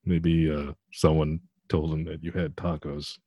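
A man's voice: extremely low pitch, level tone, unhurried, dull audio, a crowd in the background. A man hosting a comedy interview, asking earnest, probing questions with a straight face. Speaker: interviewer host.

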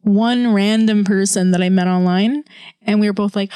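A woman co-hosting a podcast in casual chat, laughing often and telling stories in quick bursts. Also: medium pitch, clear, resonant tone, dry recording, clean studio sound. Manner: laughing, fast animated storytelling. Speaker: podcast co-host.

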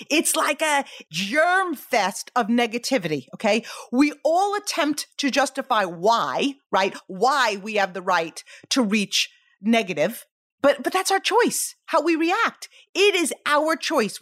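A high-pitched woman in her forties delivers a motivational podcast monologue. She is emphatic and energetic, firing off rhetorical questions and checking in with her listeners as she goes. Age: 40s. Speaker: podcast host.

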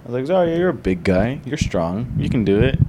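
A young man chatting with friends, telling a school memory in a relaxed, meandering way. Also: mid-range voice, brisk, a little hiss or hum. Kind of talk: casual podcast chat among friends.

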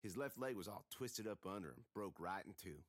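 A man reads a first-person tale with folksy, expressive delivery. His pitch swings widely as he tells it. The sound is dry and close, with no room around it. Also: a little fast, no echo. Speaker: audiobook narrator. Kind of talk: first-person storytelling reading.

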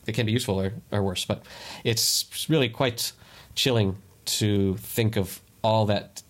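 A man's voice: on the low side, fairly even intonation, measured pace. A man co-hosting a podcast in casual chat, explaining things at length and often restarting his sentences. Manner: rambling, self-correcting, explains at length. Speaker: podcast co-host.

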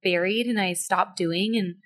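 A woman's voice: steady tone, unhurried. A woman in her thirties hosting a conversational podcast interview. She talks in loose run-on sentences full of "like", and her voice leaps upward whenever she quotes herself. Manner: chatty, lots of "like", pitch jumps when quoting herself. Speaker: podcast host.

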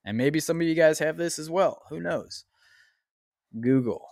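A man's voice: on the high side, a little slow, creaky, a little mellow, no echo, studio quality. A man hosting a solo podcast, thinking aloud in a rambling, profane way and reading search results aloud. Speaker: podcast host. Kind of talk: casual solo podcast talk.

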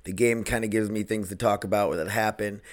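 A man's voice: fairly low pitch, steady tone, fairly quick. A man hosting his own podcast in casual solo chat, blunt and rambling, swearing freely. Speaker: podcast host.

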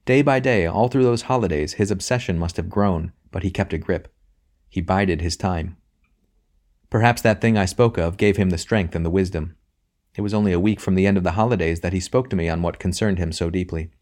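A man reading a short story aloud in a measured, reflective way. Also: deep voice, darkish tone. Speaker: narrator. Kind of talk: audiobook reading.

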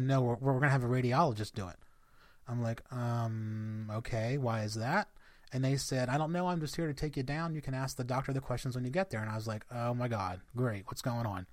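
A man's voice: mid-range voice, no room sound, clean studio sound. A man hosting a podcast, telling a personal story to his listeners in a loose, chatty way with plenty of fillers. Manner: conversational, addresses listeners as guys, many fillers. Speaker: podcast host.

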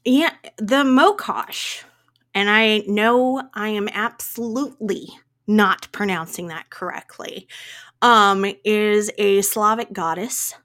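A woman's voice: medium pitch, takes it slowly, fairly bright tone. A woman co-hosting a casual podcast, chatty and laughing often as she jokes about her own pronunciation. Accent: regional accent. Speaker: podcast co-host. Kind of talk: casual chat.

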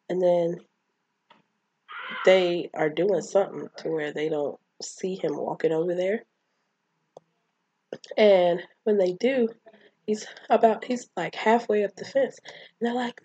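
A woman's voice: fairly low pitch, measured pace, long pauses, dark tone, husky, no echo. A woman casually recapping a film, rambling and acting out the characters' lines. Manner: rambling, acts out quotes of characters. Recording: dull lo-fi mic.

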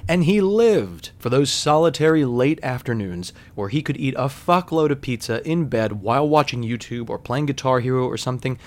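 Wry storytelling man, mid-pitched. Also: expressive, normal speed, hardly any pauses. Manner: candid, wry, conversational with profanity. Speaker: podcast host. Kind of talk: storytelling monologue.

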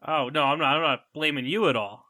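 A young man co-hosts a casual podcast, trading wry, dry jokes. His voice is bright and forceful, and it sits in a dead, dry room close to the mic. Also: fairly high pitch, brisk, dry recording. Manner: dry joking, wry asides. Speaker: podcast co-host. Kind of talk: casual chat.

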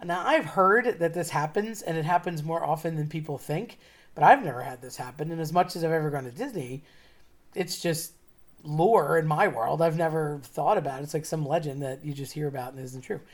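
A woman's voice: low-pitched, a little fast. A woman telling a personal story in a casual, chatty way, wry and often laughing as she talks. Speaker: storyteller host.

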